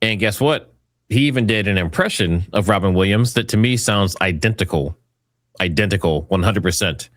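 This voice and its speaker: This is a man hosting an online commentary video with a fairly low voice. He talks casually and speculatively, circling back over his points, and the sound is dry and close. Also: normal speed, fairly bright tone, no room sound. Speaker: commentary host.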